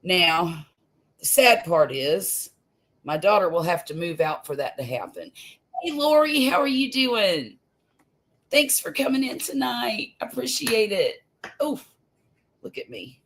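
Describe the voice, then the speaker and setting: This Gulf Coast woman's medium-pitched, fairly bright voice is very animated, though she speaks a little slowly and leaves long pauses. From a room at home, she keeps her live stream chatty and homey, laughing readily and trailing off into fillers.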